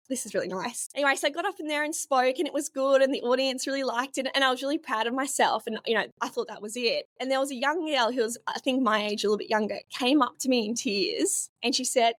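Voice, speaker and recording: A woman's voice: fairly high pitch, quick pace, hardly any pauses, a bit bright, dry recording, clean studio sound. A young woman in her twenties, a pharmacist guest telling a personal story in an interview, earnest and open. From Australia. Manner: earnest, open, emotional at times.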